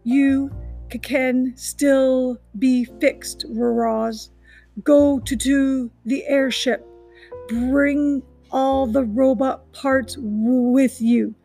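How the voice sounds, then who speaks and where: A woman voicing a dying male hunter robot that stutters in a quiet, garbled voice. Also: high-pitched, steady tone, extremely slow, faint music behind, full character voice, poor audio. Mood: faltering.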